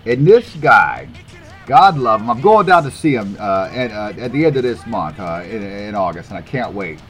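A man on a podcast telling a story in a lively voice that swoops up and down. He swears freely and laughs as he goes. Faint music plays behind him. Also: fairly low pitch, normal speed. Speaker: podcast co-host. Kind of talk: casual chat.

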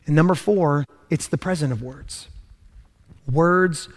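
Earnest preaching man, slightly high voice. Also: slow. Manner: earnest, emphatic preaching with repetition. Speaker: pastor. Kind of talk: sermon.

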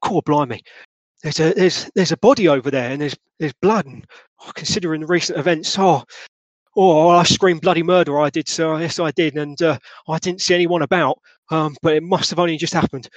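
A man's voice: a little high, a little fast, no echo, voice pushed up, close to an everyday voice. A man voicing a startled, nervous Victorian witness, stammering and exclaiming. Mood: panicky.

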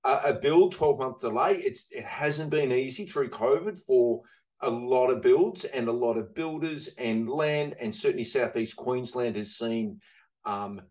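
A man's voice: medium pitch, measured pace, a little mellow, low-quality recording. A man hosting a casual interview, rambling along with plenty of fillers. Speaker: host, property investment advisor.

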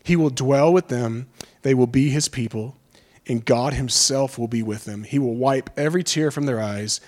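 A man's voice: mid-range voice, moderate pace, darkish tone. A man preaching a sermon in a conversational, impassioned way, joking with the congregation. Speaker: pastor.

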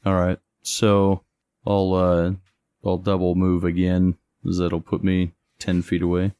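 Flat, deep-voiced man playing a tabletop game. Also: unhurried, clear, resonant tone, dry recording. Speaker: player. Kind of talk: casual tabletop play.

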